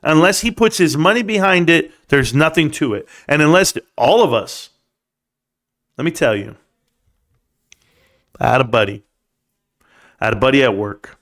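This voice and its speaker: A man's voice: a little high, lively intonation, moderate pace, long pauses, a bit bright. A man hosting a livestream, ranting casually with rambling stories and emphatic rhetorical questions. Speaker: livestream host. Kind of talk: casual stock-market rant.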